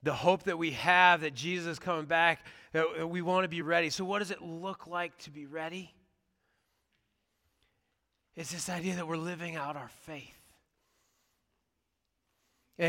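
Bright-voiced male pastor preaching in a reverberant church. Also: high voice. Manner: conversational, earnest preaching. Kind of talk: sermon. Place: church sanctuary.

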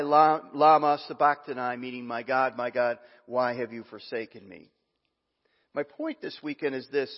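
Give me a man preaching a sermon, pausing over his words, in a big reverberant sanctuary. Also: fairly high pitch. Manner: reads scripture aloud with asides, some halting restarts. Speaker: pastor. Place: church sanctuary. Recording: muffled, long hall reverb.

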